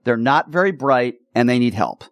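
An indignant male radio host lays out his opinions in a middle-pitched voice. He keeps restarting and repeating words when he gets heated. The studio sound is dry and close. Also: animated, normal speed, no echo. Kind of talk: opinionated talk radio commentary.

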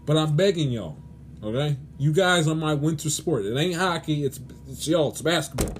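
A man's voice: a little high, moderate pace, a little hiss or hum. A man hosting his own sports show, ranting in a pleading, exasperated way with lots of restarts and stammers. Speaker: sports podcast host. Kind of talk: solo sports commentary rant.

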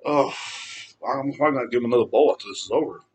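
A man's voice: medium pitch, rapid-fire, a little mellow, a little hiss or hum. A man in his thirties hosting a podcast, ranting heatedly and rambling, swearing often. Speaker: podcast host. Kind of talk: casual rant.

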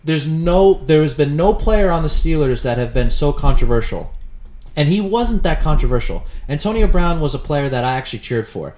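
A man ranting about football in a casual, profane chat, getting animated as he goes. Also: on the high side, moderate pace, echoey room. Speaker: podcast co-host.

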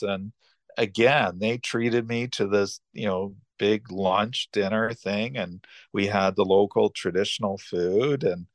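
A man's voice: fairly low pitch, takes it slowly, no echo, clean studio sound. An older man, casually telling rambling personal travel stories as a podcast host, full of restarts and asides. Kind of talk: casual storytelling.

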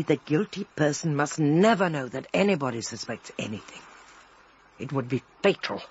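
An actress playing a shrewd, commanding older woman detective in a vintage radio drama, crisp and assured. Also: extremely low pitch, exaggerated voice. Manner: crisp, assured, dryly authoritative. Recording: dull old radio recording with faint hiss.

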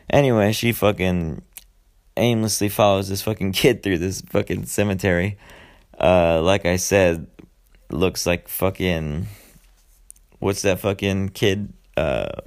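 A man with a very deep voice and a gravelly, creaky edge gives a casual movie recap. He curses constantly, rambles through fillers and side remarks, and talks like he's chatting with friends. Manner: profane, rambling, heavy swearing; loose storytelling with many fillers and asides. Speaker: podcast host.

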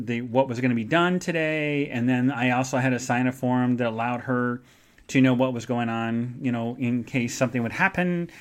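A man's voice: medium pitch, clean tone. A man hosting a live podcast show, telling a rambling story in a chatty way with lots of fillers. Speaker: podcast host.

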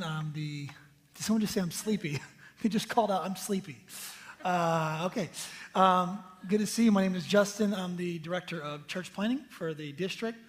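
A high-pitched man in his thirties preaches to a congregation in a casual, joking manner. His voice rings with a long reverb through a church sanctuary. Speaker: guest pastor. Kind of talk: sermon.

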